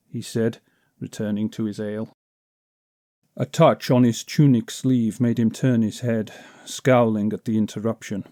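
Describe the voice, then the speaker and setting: A male audiobook narrator telling an adventure tale in a measured, descriptive way. His voice is mellow and warm at a middle pitch, and the recording is close and dry with no room sound. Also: steady tone, no room sound.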